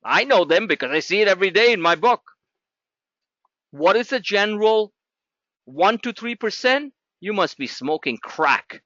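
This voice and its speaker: A man's voice: sits high, very animated, a little slow, pauses often, bright, forceful tone, no echo, dull audio. Blunt, sarcastic man teaching trading. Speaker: trading educator. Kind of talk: live trading class talk.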